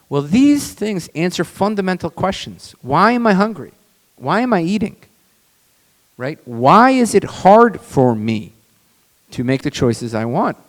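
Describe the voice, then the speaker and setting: A man, a doctor, giving a conference seminar on stage, animated and asking the audience questions. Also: on the high side, big-room sound, poor audio. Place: large conference hall, on stage.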